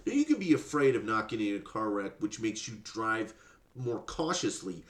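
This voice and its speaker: A man's voice: fairly low pitch, sing-song, normal speed, echoey room. A man hosting a podcast, ranting sarcastically and profanely in mocking commentary. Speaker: podcast host.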